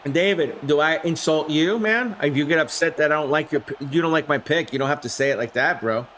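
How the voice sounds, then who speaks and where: A man live-streams play-by-play of a simulated game in a brisk, rather high, slightly bright voice, with a little hiss or hum audible. He jumps up on big plays and chats loosely with viewers.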